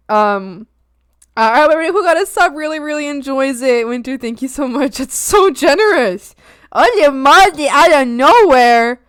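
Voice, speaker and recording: A high-voiced woman streamer chats while drawing, playful and excitable, with silly bits and sudden shouts. Her pitch leaps all over the place, and she takes her time between phrases. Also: no echo, studio quality. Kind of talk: casual livestream chat while drawing.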